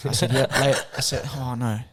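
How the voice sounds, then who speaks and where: A soft-spoken young man, telling his story in a casual interview. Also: mid-range voice, level tone, a little fast, husky. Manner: soft-spoken, chatty, acts out quotes with slang. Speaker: guest, boxer.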